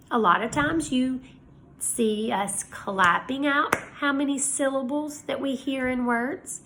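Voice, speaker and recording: A woman teacher giving a lesson to young children, speaking slowly and clearly in an encouraging way. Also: on the high side, a bit bright, a little hiss or hum.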